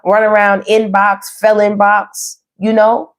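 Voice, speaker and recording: A woman's voice: medium pitch, completely flat delivery, takes it slowly. A woman doing a casual online tarot reading, chatty and playful, who laughs often and talks straight to her viewers. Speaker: tarot reader.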